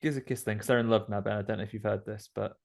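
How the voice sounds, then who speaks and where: A man's voice: on the low side, steady tone, racing, vocal fry, a little mellow. A British man co-hosting a podcast, recapping a film in a wry, slangy casual chat. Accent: British English. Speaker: podcast co-host.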